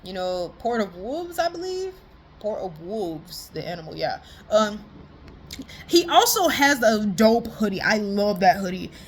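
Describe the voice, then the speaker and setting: A woman chatting casually as if on a call with a friend, excited and slangy, rambling and laughing often. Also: medium pitch, unhurried, a little hiss or hum. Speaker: vlogger.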